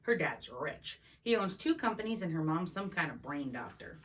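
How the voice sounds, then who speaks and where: A woman voicing a cheeky, teasing young girl, the narrator's best friend, with drawn-out lines. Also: low-pitched, sing-song, far from the mic. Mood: chatty.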